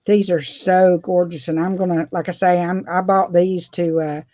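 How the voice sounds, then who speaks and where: A woman's voice: fairly low pitch, flat delivery, normal speed, dark tone, no room sound. A middle-aged woman, chatting casually and rambling with frequent laughs while doing her nails for a vlog. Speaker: beauty vlogger. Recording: dull dry lo-fi sound.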